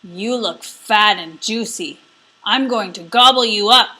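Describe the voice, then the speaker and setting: A woman voicing a greedy male troll who shouts and gloats in a storybook reading. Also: medium pitch, a little slow. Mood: greedy shouting.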